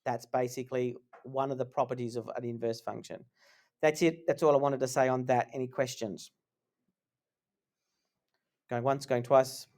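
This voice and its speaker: A man's voice: medium pitch, steady tone, fairly quick, a little mellow. A man teaching a live maths lesson in a classroom, talking in a casual, joking way.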